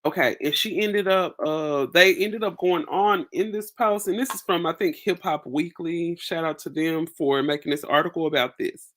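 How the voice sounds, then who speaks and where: A woman hosting a casual commentary show, recapping a story slowly with many fillers. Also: on the low side, fairly bright tone. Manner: slow, filler-heavy reading and recapping. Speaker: host.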